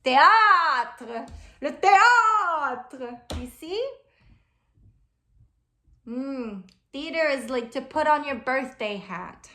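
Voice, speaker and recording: Slow-speaking woman. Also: high voice, lively intonation, slight background noise. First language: French. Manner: slow, dreamy, uses "like" often. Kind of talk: casual inspirational talk to camera.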